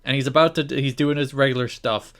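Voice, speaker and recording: A man co-hosting a podcast, chatting casually with wry, animated storytelling. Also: medium pitch, fast talker, clear, resonant tone. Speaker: podcast co-host. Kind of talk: casual chat.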